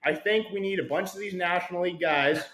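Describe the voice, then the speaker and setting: A man's voice: high-pitched, fast talker, fairly bright tone, reverberant, poor audio. A man hosting a podcast, rambling and hyped, repeating himself as he chats casually. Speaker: podcast host. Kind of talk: casual chat.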